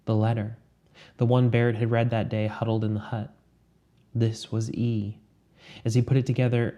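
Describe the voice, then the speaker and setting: A male storyteller reads a story aloud in a steady, measured way. His voice is low and dark, with a flat, level delivery that rarely rises or falls. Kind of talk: scripted fiction narration.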